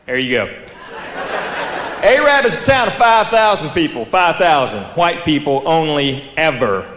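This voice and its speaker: A male comedian tells a stand-up story on a theater stage. His voice sits high for a man, and he acts out the quotes as he goes. The live recording carries a long hall reverb, with clear crowd noise behind him. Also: very animated, measured pace. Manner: storytelling with acted-out quotes, laughing along.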